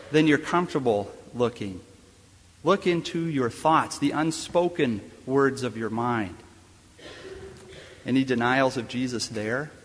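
A man preaching a sermon and leading prayer in a chapel, measured and emphatic, with deliberate pauses and rhetorical questions. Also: a little high, husky. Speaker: chaplain preaching in a school chapel. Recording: long reverb of a chapel.

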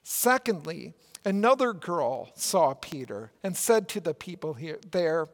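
A pastor from Minnesota with a Minnesotan accent, giving an earnest, emphatic sermon with deliberate pauses. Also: male voice, fairly high pitch, very animated, big-room sound.

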